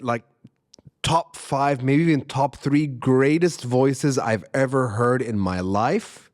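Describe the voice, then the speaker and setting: A young man, hosting a music reaction channel and giving casual, emphatic commentary that repeats its points. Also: medium pitch. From Arab world. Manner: excited, emphatic, repeats himself.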